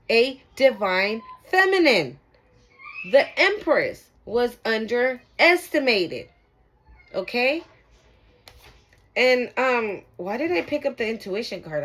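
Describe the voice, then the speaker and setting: A woman's voice: on the high side, a bit bright, rough recording. Emphatic, profane woman tarot reader. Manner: emphatic, repetitive, profane, addresses viewers directly. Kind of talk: casual spiritual card reading.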